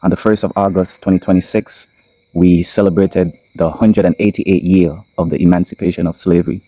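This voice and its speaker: A man with a Kittitian accent hosting his own channel, giving impassioned solo commentary, repeating his points and slowing down to stress them. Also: deep voice, steady tone, mellow, no echo, poor audio. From Saint Kitts. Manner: emphatic, repeats lines, slows for stress. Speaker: channel host. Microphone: camera mic.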